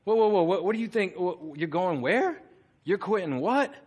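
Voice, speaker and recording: Man putting on a stern, insistent divine voice, lowered and quieter than his own. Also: lively intonation, normal speed, slightly rough. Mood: alarmed.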